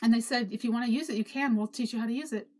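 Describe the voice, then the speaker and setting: A woman's voice: fairly high pitch, fairly even intonation, racing, dark tone. A middle-aged woman casually recounting her own life story, rambling with fillers and restarts. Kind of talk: casual spoken memoir.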